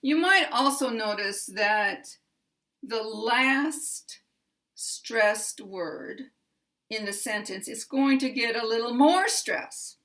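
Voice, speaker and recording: Woman, American accent, pronunciation teacher, very slow careful pace, measured explanation. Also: a little high, a bit bright. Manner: deliberate, measured delivery with clear demonstrations.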